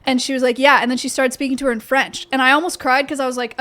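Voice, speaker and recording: Young woman rambling to her stream chat, kinda high voice, faint music in the back. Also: flat delivery, fast talker, few pauses, sharp tone. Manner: rambling, chatty, lots of fillers and restarts. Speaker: livestreamer. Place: home office shed.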